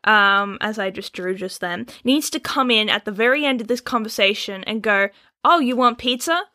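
A woman's voice: medium pitch, pushed and bright. A young woman, co-hosting a podcast in giggly, teasing casual chat while planning a story. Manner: giggly, teasing, quick back-and-forth. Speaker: podcast co-host.

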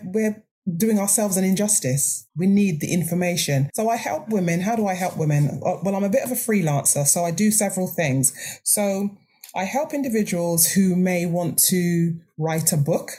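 A woman's voice: mid-range voice, normal speed, dark tone, husky. An older woman speaking earnestly as a podcast guest, reflective and sometimes restarting her sentences. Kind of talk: podcast interview.

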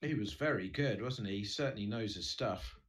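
A man's voice: on the low side, brisk. Playful mock-serious British man co-host. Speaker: podcast co-host. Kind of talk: casual chat.

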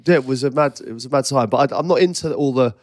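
A man's voice: medium pitch, fast, darkish tone, no room sound, clean studio sound. A man co-hosting a podcast in casual chat, easygoing and self-mocking, laughing often. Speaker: podcast co-host.

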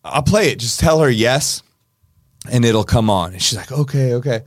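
A man's voice: mid-range voice, normal speed, no room sound. A male DJ hosting a podcast, telling a story at an easy pace. He slips into short bits of other people's voices as he goes. His voice sits in the middle of the range and sounds dry and close to the mic. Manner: relaxed storyteller, acts out quoted voices. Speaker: podcast host, DJ. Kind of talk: casual podcast chat.

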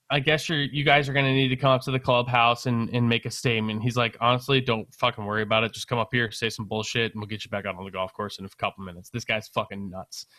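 A young man casually telling a long story on a podcast, animated, swearing and laughing as he goes. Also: medium pitch, no echo. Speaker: podcast co-host.

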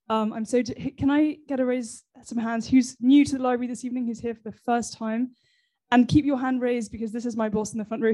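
A woman's voice: a little high, darkish tone. An English woman hosting a live library event, chatty and laughing, with many fillers and restarts. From England. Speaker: host, library programs manager.

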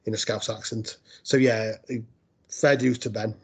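A man's voice: medium pitch, fairly even intonation, brisk, husky. A man, co-hosting a casual football podcast and mixing his player ratings with wry joking asides. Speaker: podcast co-host.

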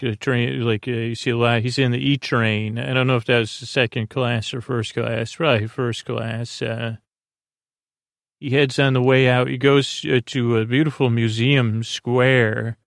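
A man's voice: medium pitch, creaky, no room sound, clean studio sound. A man hosting a podcast, recapping an episode in a casual, rambling way with many fillers and self-corrections. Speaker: podcast host.

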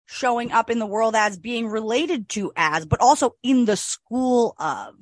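Musing, halting woman podcast host. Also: on the high side, no echo. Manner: musing, halting, many restarts and "like". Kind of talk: casual chat.

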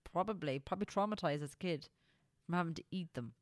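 A woman's voice: on the low side, no room sound. Giggly Irish woman with a dry close sound. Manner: giggly, quick to laugh and banter back. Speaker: podcast co-host. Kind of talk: casual chat.

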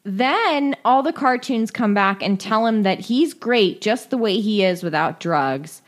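A woman's voice: medium pitch, lively intonation, a little slow. A woman co-hosting a podcast, casually recapping a cartoon with profanity and quoted voices. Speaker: podcast co-host.

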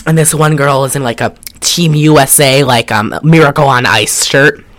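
A man's voice: medium pitch, steady tone, moderate pace, a bit bright, no echo. A man co-hosting a casual chat, recapping a film in a rambling, jokey way with lots of fillers. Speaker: podcast co-host.

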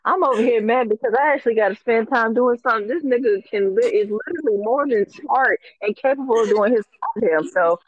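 A woman's voice: a little high, brisk, few pauses, no room sound, narrow, tinny audio. A woman co-hosting a podcast in casual chat, blunt and profane with mock threats. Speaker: podcast co-host.

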